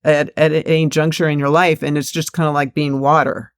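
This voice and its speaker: A woman's voice: low voice, flat delivery, brisk, dry recording, clean studio sound. A woman in a casual podcast conversation, thinking aloud in a reflective way with frequent fillers.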